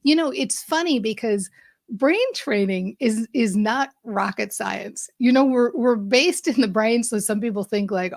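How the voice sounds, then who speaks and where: A woman hosting a podcast, giving an upbeat, emphatic motivational monologue that speeds up and slows down for effect. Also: on the high side, animated, darkish tone, no echo, studio quality. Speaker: podcast host and mindset coach.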